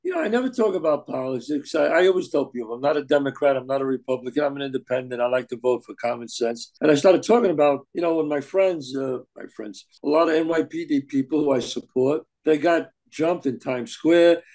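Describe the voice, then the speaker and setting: An older man co-hosting a podcast, talking in an animated, earnest, exclamatory way. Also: fairly high pitch, a little fast, hardly any pauses. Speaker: podcast co-host. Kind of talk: casual chat.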